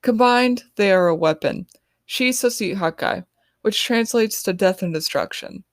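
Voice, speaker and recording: A woman voicing a young female team leader who gives quick, quiet orders. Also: medium pitch, no room sound, studio quality, voice pushed up, close to an everyday voice. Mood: urgent. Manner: hushed, hurried orders.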